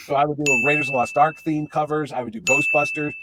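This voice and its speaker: Fast-talking man telling a story. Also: fairly high pitch, fairly even intonation, very noisy. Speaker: interview guest. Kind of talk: storytelling anecdote.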